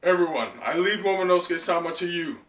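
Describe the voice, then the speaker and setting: A man's voice: high voice, lively intonation, quick pace, a bit bright, far from the mic, voice pushed up. A man voicing a stern, resolute warrior lord who speaks in a solemn, determined way, in an echoey room away from the mic.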